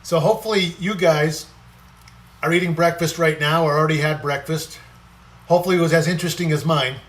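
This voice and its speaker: A man's voice: fairly high pitch, fairly even intonation, fairly quick. Chatty man hosting a cooking stream. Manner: chatty, greets viewers by name while eating. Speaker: livestream cooking host. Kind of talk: casual live-stream chat.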